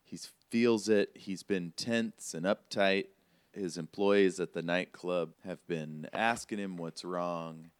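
A man running a tabletop role-play as game master, telling the scene in a relaxed, conversational way with plenty of fillers. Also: sits low, slow, clean tone, dry recording.

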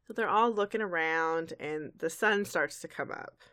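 A woman co-hosts a podcast and retells an episode in a chatty, animated way. Her voice sits a little low. She slips into quick acted quotes and keeps it casual. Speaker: podcast co-host.

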